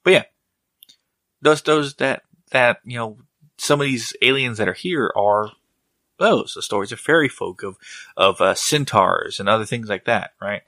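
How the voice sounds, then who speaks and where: A man's voice: mid-range voice, measured pace, sharp tone, dry recording. A man co-hosting a casual podcast, rambling with restarts and jokes. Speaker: podcast co-host. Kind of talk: casual chat.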